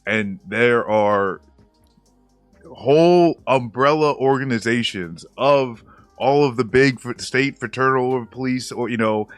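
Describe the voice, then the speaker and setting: A man's voice: mid-range voice, measured pace, no echo, soft background music. A man interviewing a guest in casual talk, loose and blunt, heavy on fillers and profanity.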